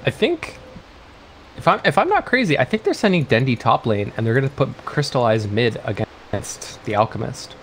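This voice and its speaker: A man's voice: mid-range voice, big pitch swings, moderate pace, fairly bright tone, a little hiss or hum. Analytical man commentating an esports match. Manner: analytical, explains strategy. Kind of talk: live color commentary.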